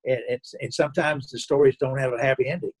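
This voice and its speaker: A man's voice: mid-range voice, fairly even intonation, fast, slightly rough. A man hosting a casual interview, asking questions with hesitations and giving short affirmations. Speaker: host.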